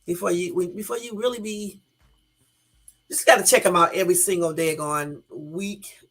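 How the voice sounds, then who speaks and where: A woman's voice: on the low side, moderate pace. A woman hosting a casual live stream, reading out news and talking straight to her viewers with emphatic, exasperated asides. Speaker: YouTube live-stream host. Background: faint background music.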